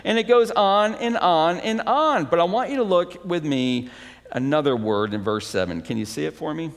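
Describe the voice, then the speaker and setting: A man preaching a sermon as pastor, emphatic, swinging between loud proclaiming and hushed, intimate stretches. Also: a little high, animated, normal speed, in a large hall.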